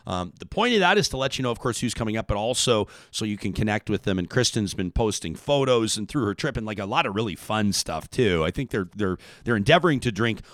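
A man with a fairly low voice hosts a talk radio show. He talks in a rambling, earnest way, restarting his sentences often. The sound is dry and close. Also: expressive, quick pace, hardly any pauses, fairly bright tone, dry recording.

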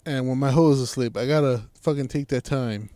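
A man in a loose, foul-mouthed podcast chat, cracking jokes and riffing with his co-host. His voice sits at an ordinary middle pitch. The sound is dry and close. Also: fairly quick, mellow, no room sound. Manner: profane, joking, mock voices. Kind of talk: crude casual chat.

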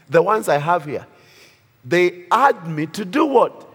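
A man's voice: fairly high pitch, breathy edge. A man preaching a sermon on a Bible passage, asking his listeners questions and laughing between lines. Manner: slow, lively preaching with laughs and rhetorical questions. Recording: reverberant hall.

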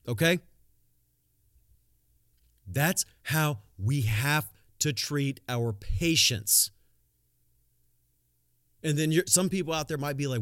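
A man's voice: fairly high pitch, takes it slowly, long pauses, a bit bright, dry recording, studio quality. Blunt, profane man rambling on a podcast. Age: adult, has a young daughter. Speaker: podcast host. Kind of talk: casual solo podcast monologue.

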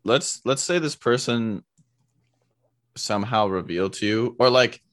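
A young man co-hosting a casual podcast, joking, laughing and mocking squeaky voices in chat. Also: unhurried, fairly bright tone. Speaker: podcast co-host.

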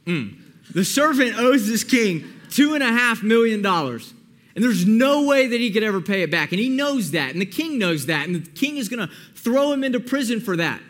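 A young man preaching a sermon, praying earnestly and then retelling a parable in a lively way. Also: sits high. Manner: earnest, pleading prayer, then animated retelling. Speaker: pastor. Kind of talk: sermon with prayer and scripture reading.

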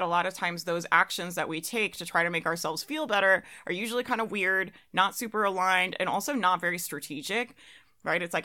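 A woman's voice: lowish voice, bright, forceful tone. A young adult woman talking casually as a business coach, laughing now and then at her own examples. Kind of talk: casual monologue.

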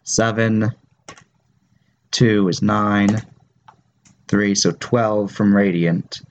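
A man playing a tabletop game, working through his dice rolls out loud. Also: fairly low pitch, steady tone, highs cut off, slight background noise. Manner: slow, counting dice aloud. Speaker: player.

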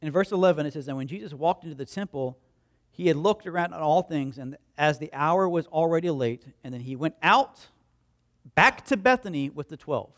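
A pastor delivers a lively, conversational sermon, acting out the people in his stories. His voice sits high for a man, and he turns to ask his congregation questions as he goes. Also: a little fast. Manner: animated storytelling, acts out voices and crowd quotes.

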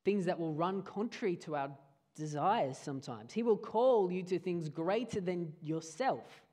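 A man preaching a sermon, earnest, often dropping his voice low for emphasis. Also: lively intonation, unhurried, a little mellow.

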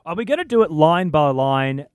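Playful, high-voiced podcast co-host man. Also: animated, clean tone, no echo, clean studio sound. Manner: playful, bossy, quick to laugh. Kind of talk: casual comedic chat.

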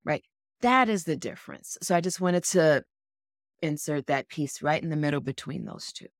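A woman's voice: sits low, animated, moderate pace, dry recording, studio quality. A woman co-hosting a podcast in an earnest, encouraging coaching tone. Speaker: podcast co-host. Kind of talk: motivational casual chat.

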